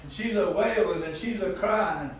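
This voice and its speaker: A man, a pastor preaching and telling folksy testimony stories that rise into shouts. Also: high voice, normal speed, far from the mic. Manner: folksy storytelling, rising to shouts. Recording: echoey room heard from afar.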